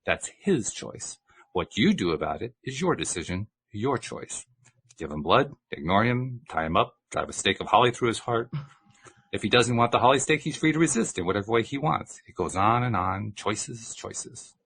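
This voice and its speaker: A man's voice: fairly low pitch, expressive, moderate pace, gravelly, fairly bright tone, slightly rough, heavily acted. A man reading a book aloud and voicing a patient male spiritual teacher who explains things. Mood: earnest.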